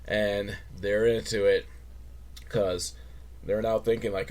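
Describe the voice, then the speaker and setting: A man's voice: on the low side, little pitch movement, takes it slowly, pauses often, a little mellow. A man hosting a comedic recap of a TV episode, talking in a wry, rambling way with lots of filler words. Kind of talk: casual comedic commentary.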